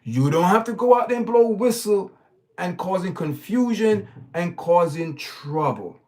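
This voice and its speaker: A man's voice: high voice, lively intonation, a little slow, a little mellow. A man hosting his own stream, giving preachy, emphatic commentary full of repeated words and restarts. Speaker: channel host. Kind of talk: opinionated commentary livestream.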